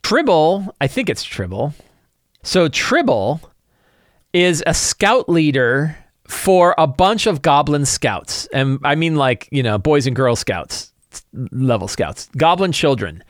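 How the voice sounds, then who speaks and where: A man's voice: a little high, very animated, slow pace, dry recording, clean studio sound. A man preparing his tabletop game session, rambling with many restarts in casual talk. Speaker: game master.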